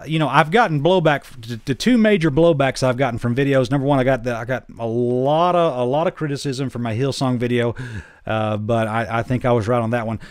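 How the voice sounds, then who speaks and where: Earnest Southern preacher, dry close voice. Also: male voice, no room sound. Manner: earnest, drops low and quiet to stress points. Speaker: preacher and show host. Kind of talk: casual preaching to camera.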